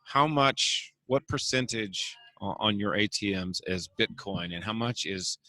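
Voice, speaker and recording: Man, show host, casual interviewer, lowish pitch, bright edge, easygoing conversational manner. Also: measured pace, no echo.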